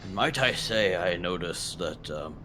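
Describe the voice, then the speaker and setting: A man's voice: low-pitched, lively intonation, a little slow, noisy background. A man voicing a pompous male dragonborn ship's cook, talking in a boastful, fussy, formal way.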